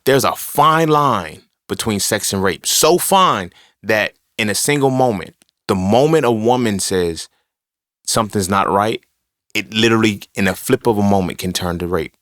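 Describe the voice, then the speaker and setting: A podcast host delivers a rambling solo monologue, casual and profane and emphatic, regularly asking "you feel me." His voice is lowish and a little slow, with lively intonation and a fairly bright tone. No echo, clean studio sound.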